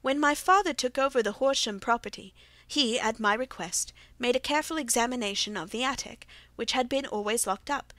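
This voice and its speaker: A woman reads a classic story aloud as an audiobook, keeping a steady, measured first-person telling. Her voice sits fairly high. The recording is dry and close, with no room sound. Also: dry recording. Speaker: audiobook narrator.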